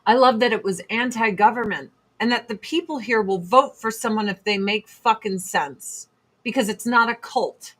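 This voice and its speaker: A woman ranting in casual talk, blunt and profane, speaking in fast emphatic bursts. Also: fairly high pitch, a bit bright. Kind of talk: casual opinion rant.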